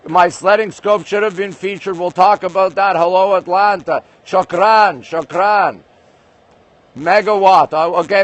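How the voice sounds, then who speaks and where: A man's voice: high voice, no echo. Chatty man greeting livestream viewers. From Canada. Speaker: livestream host. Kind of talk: casual livestream chat. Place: outdoors at night overlooking city skyline. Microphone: phone.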